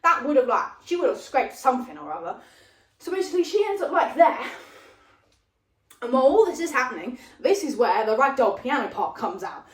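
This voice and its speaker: Young woman, high-ish voice, chatty rambling retelling, recorded on a phone across an echoey room. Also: a little fast, recorded from a distance. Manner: rambling and animated, with lots of fillers. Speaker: vlogger retelling a film plot. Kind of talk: casual rambling plot retelling. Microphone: phone propped up at a distance. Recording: roomy, voice off the phone mic.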